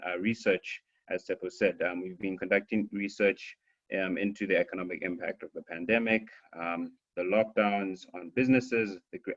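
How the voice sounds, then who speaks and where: A man presenting finance research in a webinar, speaking in a relaxed way with many fillers. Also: fairly low pitch. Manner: relaxed, filler-heavy, joking. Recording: dull lo-fi online call audio.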